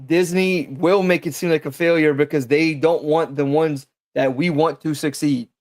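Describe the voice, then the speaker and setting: A man with a fairly high voice talks in loose podcast banter. He rambles and presses his points hard, swearing freely as he goes. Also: fairly even intonation, normal speed. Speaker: podcast co-host.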